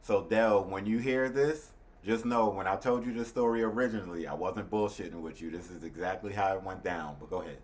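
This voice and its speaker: A man's voice: deep voice, a little fast, few pauses, a little mellow. A man in his thirties hosting a casual chat, cutting in with jokes, swearing and asides. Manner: joking, interrupts with asides and swearing. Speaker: podcast host.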